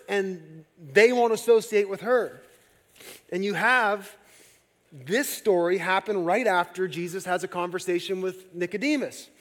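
A man pastor preaching a sermon, shifting between loud emphatic peaks and hushed, slow appeals to the congregation. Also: sits high, long reverb tail.

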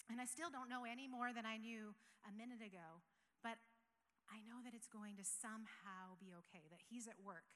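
Earnest woman pastor in a reverberant hall. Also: mid-range voice. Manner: earnest, conversational, with soft laughs. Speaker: operations pastor. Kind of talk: church testimony talk. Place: church sanctuary.

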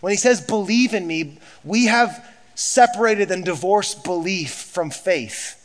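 A man's voice: high-pitched, animated, unhurried. A man preaching a sermon as pastor, emphatic and repetitive, with conversational asides to the congregation.

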